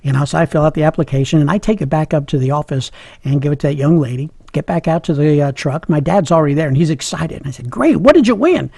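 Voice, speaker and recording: Gravelly, chuckling male storyteller. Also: a little high, steady tone, fast talker, dark tone, no echo. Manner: humorous, chuckling, self-mocking. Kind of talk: personal storytelling.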